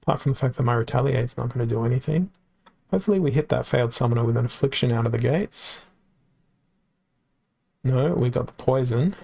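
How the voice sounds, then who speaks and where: A man's voice: mid-range voice, fairly quick, creaky, long pauses, a little mellow. A man commentating his own card game on a live stream in a casual, wry, self-deprecating way, thinking aloud as he plays, with his voice wearing thin. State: losing his voice.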